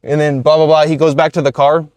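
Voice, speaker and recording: Guy in his twenties telling a story, laid back, swears a lot, voice a touch high, dry sound. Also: little pitch movement, fast talker, darkish tone, no room sound. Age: 20s. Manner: laid-back, profane, slangy. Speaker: YouTuber. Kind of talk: casual storytelling vlog.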